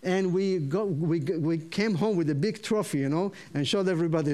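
A man from Israel, preaching his testimony in an animated way and acting out the voices in his story. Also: on the high side, moderate pace, hardly any pauses. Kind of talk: sermon testimony.

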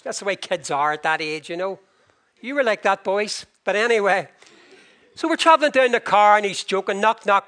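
An older man preaching a sermon with passion, slowing for emphasis and swinging between loud and soft. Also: high-pitched.

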